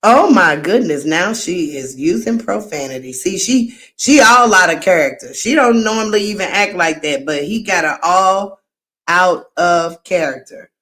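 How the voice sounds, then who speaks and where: Slow-talking woman giving frank live commentary. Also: on the low side, animated, a bit bright. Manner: frank, exclaiming, laughing asides. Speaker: host.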